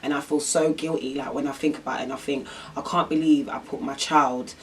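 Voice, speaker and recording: A woman's voice: very deep voice, steady tone, fairly quick, distant mic, a little hiss or hum. Young woman telling a story. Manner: rambling, emotional storytelling full of fillers. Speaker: vlogger. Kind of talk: storytime vlog.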